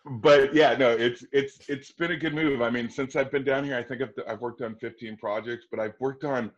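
A man in his forties from Wisconsin, an actor telling stories in a casual interview and acting out quotes in a high excited voice. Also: moderate pace. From Wisconsin, USA. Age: 40s. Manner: animated storyteller, acts out quotes in a high excited voice. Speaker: actor guest. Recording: dull lo-fi audio.

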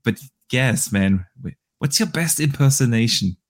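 A man's voice: mid-range voice, lively intonation, a little slow. A man hosting a gaming podcast, enthusiastic and casual, often repeating words while he thinks. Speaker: host.

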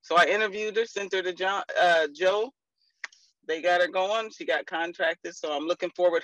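An excited insurance agent, a woman, gushing through a casual update on a video call. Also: lowish voice, moderate pace, no room sound, muffled recording.

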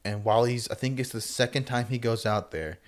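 A man's voice: mid-range voice, a little fast. A man co-hosting a podcast, chatting casually and rambling through his explanations. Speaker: podcast co-host. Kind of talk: casual chat about acting.

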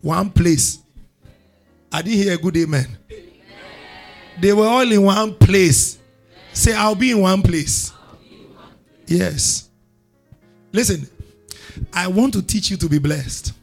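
A man, a pastor preaching a sermon with call-and-response to his congregation and loud exhortations. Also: on the high side, vocal fry, breathy edge.

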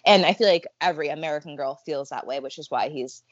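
A woman's voice: low-pitched, fast talker. A young woman co-hosting a casual chat, frank and crude, with plenty of "like" and "I mean". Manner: frank, crude, filler-heavy. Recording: slightly dull, dry recording.

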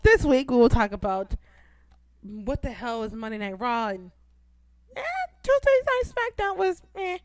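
A young woman hosting a casual podcast, swearing freely and bursting into loud, excitable outbursts. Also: a little high, a little slow, no echo. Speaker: podcast host.

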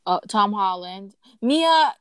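A woman's voice: mid-range voice, expressive, takes it slowly, clear, resonant tone, no echo. A young woman in casual chat, teasing her friend playfully.

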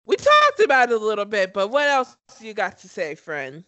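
A woman co-hosting a casual podcast chat, gushing and emphatic. Her voice sits at an ordinary middle pitch. The sound is dry and close, with no room around it. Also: huge pitch swings, moderate pace, sharp tone, no room sound, muffled recording. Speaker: podcast co-host.

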